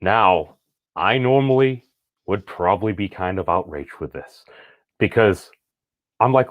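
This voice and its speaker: A man's voice: on the low side, expressive, measured pace, no room sound, phone-quality sound. A middle-aged man hosting a casual online commentary video, talking in rambling, wry asides.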